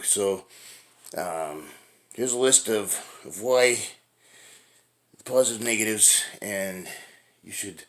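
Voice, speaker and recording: Middle-aged guy venting on his vlog, rambly, keeps saying right, kinda low but tense-sounding voice. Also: fairly bright tone. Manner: rambling, repeats "right?" often, swears. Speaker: fitness vlogger. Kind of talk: casual venting monologue.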